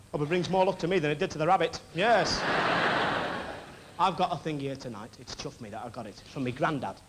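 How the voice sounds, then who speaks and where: A man hosting a variety show, telling cheeky jokes in stand-up patter to a live theatre audience. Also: fairly high pitch. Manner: cheeky, quick joke-telling. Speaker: variety show host and comedian. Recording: noisy 1960s television broadcast.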